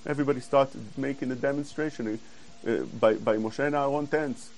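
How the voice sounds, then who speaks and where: A man giving a Torah class, explaining verses earnestly and quoting Hebrew quickly. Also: medium pitch, fairly even intonation, darkish tone, low-quality recording. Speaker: Torah teacher.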